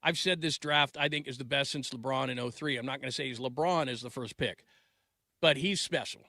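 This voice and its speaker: A man's voice: medium pitch, fairly quick, no echo, studio quality. A man in his forties hosting a sports talk show, rambling casually and restarting his sentences. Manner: rambling, restarts sentences, trails off mid-thought; gets loud and laughing when telling family stories.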